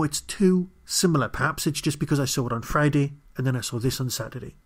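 A man's voice: mid-range voice, brisk, slightly rough. A man hosting a podcast, giving a chatty, rambling solo review with wry asides. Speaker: podcast host reviewing an episode.

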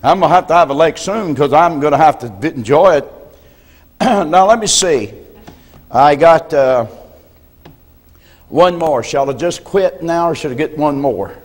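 Folksy older preacher in a reverberant hall. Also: male voice, fairly high pitch, lively intonation, unhurried, long pauses. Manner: folksy storytelling, frequent throat clearing. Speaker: pastor. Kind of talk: sermon.

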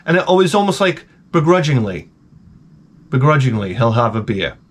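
A man's voice: medium pitch, big pitch swings, normal speed, breathy edge. Profane, sarcastic New man rambling. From Long Island, New York. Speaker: vlogger. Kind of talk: casual rambling monologue.

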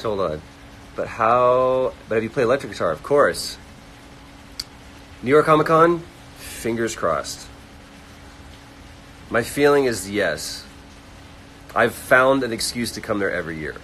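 A man hosting a casual livestream, reading fan comments aloud and answering them quickly. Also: mid-range voice, animated, fairly bright tone, slight background noise, poor audio. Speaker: livestream host answering chat. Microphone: phone livestream.

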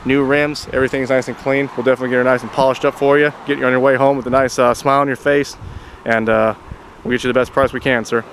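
Man with a salesman's pitch, outdoors. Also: level tone, fast, fairly bright tone. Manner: repeats "very, very" and "sir". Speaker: car salesman. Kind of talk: vehicle walkaround video. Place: outdoors at a car lot. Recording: noisy outdoor recording.

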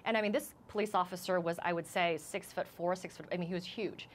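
A woman reporter in a live TV interview, shaken and emotional, speaking haltingly with many restarts. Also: fairly low pitch, steady tone, slight background noise. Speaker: news reporter as guest.

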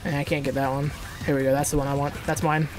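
A gamer talks through a platform game in loose, casual commentary, cursing freely and hyping up their own skill. Quiet game music sits under the voice. Sudden excited yelps break up the running chatter. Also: medium pitch, fast. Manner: profane, excitable, boastful trash talk with sudden outbursts. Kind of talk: casual let's-play commentary. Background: faint game music.

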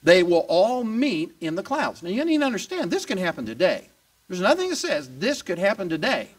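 A male pastor preaching a sermon in an animated, emphatic way, questioning and answering his congregation. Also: high voice, a little fast. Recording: voice distant from the mic.

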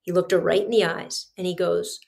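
Gravelly-voiced woman, earnest and confiding. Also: fairly low pitch, steady tone, brisk, darkish tone. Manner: earnest, confiding, speaks straight to listeners. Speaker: podcast host. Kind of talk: personal storytelling monologue.

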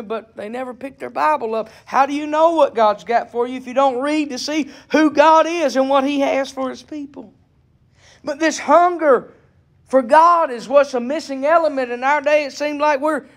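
Slow, high-voiced fervent preacher man. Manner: fervent preaching that swells into shouts, drawn-out reading of old scripture. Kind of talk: sermon.

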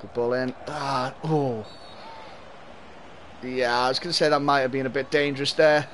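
A young gaming streamer from Liverpool, England, with a mild Scouse accent, commentates a football video game live, chatting with viewers and laughing often. His voice is mid-range, level, and fairly bright at normal speed, with a little hiss or hum.

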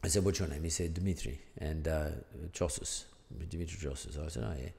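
A middle-aged Australian man with a low, deep voice tells a rambling personal story as a podcast guest, slipping into the voices of the people he quotes. He talks casually, with fillers and asides. The room gives his voice a long, lingering reverb. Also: fairly quick, creaky, a little mellow. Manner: rambling anecdotal delivery, acting out quoted dialogue.

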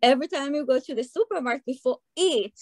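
Lively excitable woman. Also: sits high, fast talker, no room sound. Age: middle-aged. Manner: excitable, animated storytelling with acted-out quotes. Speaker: coaching client. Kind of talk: casual interview chat.

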